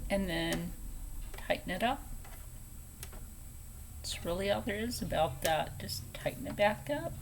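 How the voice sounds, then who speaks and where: Slow, chatty woman teaching sewing. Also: mid-range voice, expressive, vocal fry, noisy background. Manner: chatty and playful, with soft whispered asides. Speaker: sewing channel host. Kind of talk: casual step-by-step tutorial.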